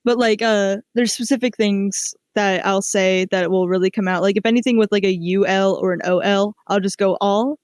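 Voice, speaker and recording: Midwestern podcast cohost, rambling casual chatter, mid pitch, dry close mic. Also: fairly even intonation, normal speed, hardly any pauses, no room sound. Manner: rambling, many fillers and restarts. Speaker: let's-play podcast cohost. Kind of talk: casual chat.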